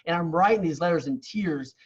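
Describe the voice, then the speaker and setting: The man sounds a little high and a little fast, with a breathy edge, and the highs are cut off. Earnest and candid, the real estate coach talks as a podcast guest about growing up in Canada, often repeating words whenever he restarts.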